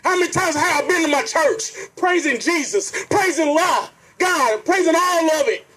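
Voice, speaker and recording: A man's voice: extremely high pitch, animated, moderate pace, pushed and bright, rough recording. A man speaking to an outdoor protest rally, earnest and preacherly, repeatedly calling out to the crowd. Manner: earnest, preacherly, keeps addressing the crowd directly. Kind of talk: impassioned protest speech.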